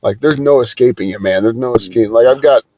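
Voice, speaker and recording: A man's voice: mid-range voice, fairly quick, warm tone. A man from Southern California co-hosting a podcast, chatting casually and laughing often. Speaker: podcast co-host. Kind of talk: casual chat. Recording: dry, dull lo-fi podcast audio.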